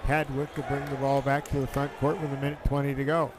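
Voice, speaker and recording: A man calling a basketball game play by play, excitable and quick in bursts. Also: mid-range voice, noisy background. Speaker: play-by-play announcer. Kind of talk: live basketball commentary.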